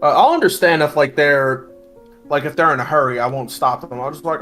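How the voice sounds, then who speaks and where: Relaxed, reflective man chatting. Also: a little high, fairly quick, soft background music. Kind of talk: casual chat.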